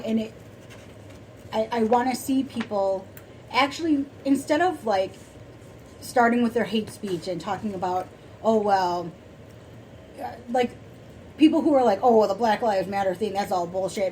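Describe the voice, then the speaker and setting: A woman with a fairly high voice talks casually on a podcast, soft-spoken and rambling, full of fillers and restarts. A faint hiss of background noise sits under her voice. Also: low-quality recording. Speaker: podcast co-host. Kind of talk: casual chat.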